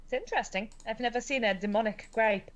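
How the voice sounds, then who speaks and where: A woman's voice: fairly high pitch, fast talker, highs cut off, slight background noise. A woman playing a tabletop game, curious and joking. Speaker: player. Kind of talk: casual tabletop role-play.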